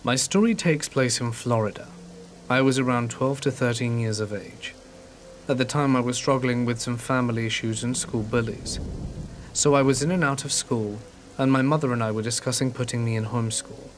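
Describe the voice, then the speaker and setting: Hushed man narrating over soft rain. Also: medium pitch, moderate pace. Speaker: horror story narrator. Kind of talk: scripted narration. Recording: rain noise behind voice. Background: steady rain.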